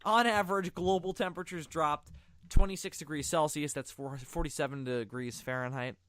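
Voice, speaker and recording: A man's voice: on the high side, normal speed, a bit bright, no room sound. A young adult man hosting a podcast, reading articles aloud in casual, rambling, profane chat with lots of asides. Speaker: podcast host.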